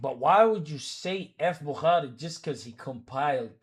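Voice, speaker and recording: A man's voice: fairly high pitch, expressive, moderate pace. A man streaming live, giving reaction commentary in heated, profane rants at viewers, with repeated oaths. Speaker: livestreamer.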